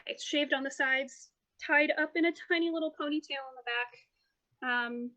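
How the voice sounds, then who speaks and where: A woman runs a tabletop game with a high, bright voice. She narrates scenes in a lively, playful way and laughs often between descriptions. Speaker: game master.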